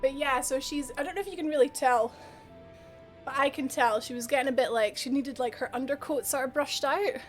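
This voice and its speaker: A woman's voice: high voice, brisk, soft background music. A woman streaming a game live, chatting casually with viewers, giggling and cooing to her dog.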